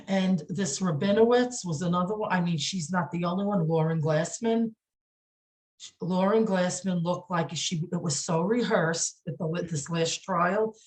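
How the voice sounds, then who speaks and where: Woman, low pitched, podcast guest, indignant, halting, many fillers, repeats words for emphasis. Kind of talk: emotional podcast interview.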